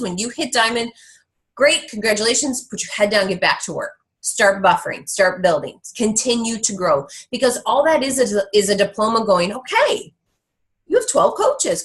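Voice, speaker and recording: A woman giving a blunt, fast-moving motivational talk to a sales team on a call. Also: medium pitch, poor audio. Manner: blunt, animated, slangy. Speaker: guest speaker on a team call.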